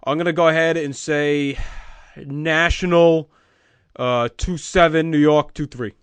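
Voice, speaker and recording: A man doing a deadpan know-it-all pundit. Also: a little high, measured pace, clean tone, dry recording, natural voice. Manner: deadpan, fixated, repeats the same opinion. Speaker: podcast co-host in comedy bit. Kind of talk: comedic sports-talk parody.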